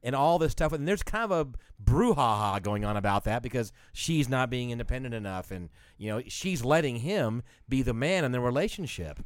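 A man with a smooth, clear voice, co-hosting a casual podcast. He teases and cuts in quickly with quips. The close mic gives a dry sound. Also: mid-range voice, expressive, dry recording. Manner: quick-witted, teasing, interjecting. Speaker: podcast co-host. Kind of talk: casual chat.

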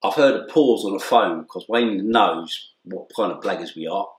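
A man's voice: deep voice, moderate pace. A middle-aged man telling an anecdote in casual conversation, acting out the dialogue and laughing often. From England. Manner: animated storyteller, acts out dialogue, laughs often. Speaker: interview guest. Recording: echoey room.

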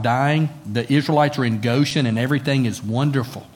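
A man's voice: mid-range voice, fairly quick, hardly any pauses. A man preaching a sermon in a conversational way, often asking his listeners rhetorical questions and repeating words for emphasis. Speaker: pastor.

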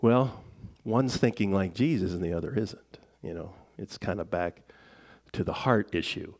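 Middle-aged male pastor, casual sermon, lowish voice, wry self-deprecating humor. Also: moderate pace. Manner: conversational, self-deprecating humor with frequent fillers.

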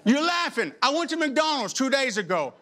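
A male pastor preaching a sermon in an animated, humorous and exhorting way. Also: extremely high pitch, normal speed.

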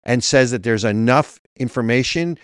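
A man's voice: medium pitch, normal speed, smooth, no echo, studio quality. A man co-hosting a political talk show, arguing emphatically and reading legal text aloud. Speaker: co-host.

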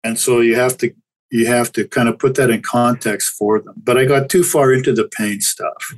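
A man's voice: medium pitch, fairly even intonation, normal speed, poor audio. An older man, a chiropractor guest, talking candidly and reflectively in a casual interview, often restarting his sentences. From Canada.

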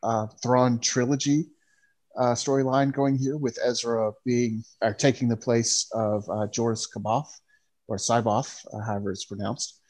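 A man co-hosting a podcast, speaking in a measured way with many hesitations. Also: mid-range voice, level tone, a little mellow. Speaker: podcast co-host. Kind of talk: casual chat.

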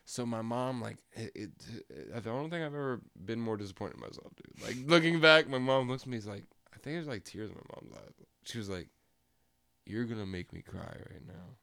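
A young man talking casually on a podcast, telling a story in a lively, swinging voice that often drops low and quiet. His tone is smooth and clear, and the sound is dry and close. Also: fairly quick, no echo. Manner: animated storytelling with heavy swearing. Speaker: podcast co-host. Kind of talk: casual chat.

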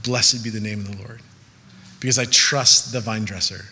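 Animated pastor in a reverberant hall. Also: male voice, on the low side, moderate pace. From Southern California. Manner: conversational, animated storytelling with laughs. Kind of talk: sermon. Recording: long reverb of a large hall.

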